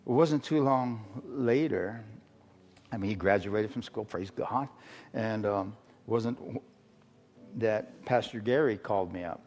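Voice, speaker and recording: A man's voice: fairly low pitch, darkish tone. Preaching man in a reverberant church. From Arizona. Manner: halting storytelling with many fillers and restarts. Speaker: guest preacher. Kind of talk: sermon testimony. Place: church sanctuary. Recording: long hall reverb with faint music.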